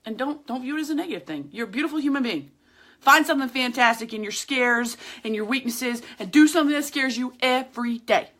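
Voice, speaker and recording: This woman speaks in a high, fairly bright voice that is expressive and a little quick. She hosts her own podcast and delivers a chatty, emphatic motivational monologue packed with slang, addressing viewers straight into the camera.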